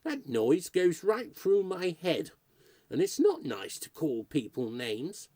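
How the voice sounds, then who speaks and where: A man's voice: on the high side, very animated, slow pace, dark tone, no room sound, exaggerated voice. A man doing a smug, fussy old ghost. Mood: cosy. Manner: folksy, fussy, patronizing. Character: chatty old male ghost, smug and cosy.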